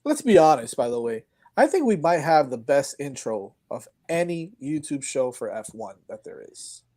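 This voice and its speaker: A man's voice: medium pitch, sing-song, normal speed, darkish tone, no room sound. A man hosting a casual sports podcast, talking in an upbeat, rambling way with many restarts. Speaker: podcast host. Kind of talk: casual chat.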